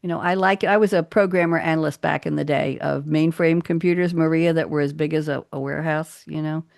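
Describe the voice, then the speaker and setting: A woman's voice: sits low, fairly even intonation, a little fast, gravelly, darkish tone, no echo. Brief: older woman, talk show host, chatty and teasing, dry close sound. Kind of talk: casual roundtable chat.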